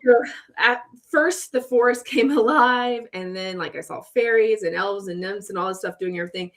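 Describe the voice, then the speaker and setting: A woman's voice: medium pitch, moderate pace. A woman in her forties, a podcast guest, telling a story in casual talk and acting out the other people's voices as she goes. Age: 40s. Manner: animated, acts out quoted voices.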